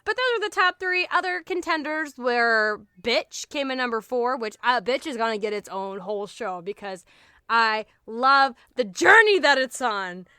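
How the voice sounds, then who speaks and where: A woman hosting a casual comedy podcast, her voice bright, smooth and a little high. She jokes and swears freely and laughs often, recorded close and dry. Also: lively intonation, unhurried, dry recording. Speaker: podcast co-host.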